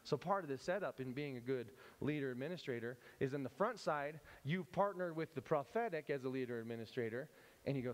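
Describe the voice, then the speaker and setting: A man teaching at a church service, animated and playful, often breaking off and restarting as he acts out examples. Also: medium pitch, fairly quick. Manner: animated, self-interrupting, playful. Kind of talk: church teaching with acted-out scenes.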